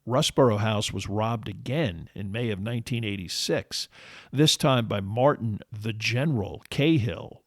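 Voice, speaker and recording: Male podcast narrator, steady measured read, slightly low pitch, dry booth sound. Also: no echo. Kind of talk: scripted history narration.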